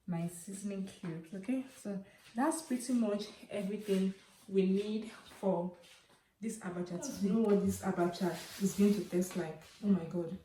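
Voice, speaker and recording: A woman's voice: medium pitch, warm tone, a little hiss or hum. A young Nigerian woman with a Nigerian accent hosting her cooking channel, chattily naming each ingredient as she shows it. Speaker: cooking vlogger. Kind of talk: recipe demonstration. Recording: echoey room with faint music.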